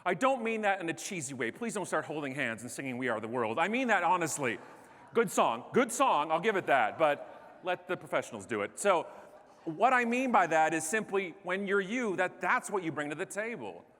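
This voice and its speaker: A man giving a comedic keynote speech on a large conference stage, animated and self-deprecating. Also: on the high side, moderate pace. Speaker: keynote speaker. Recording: echoey hall.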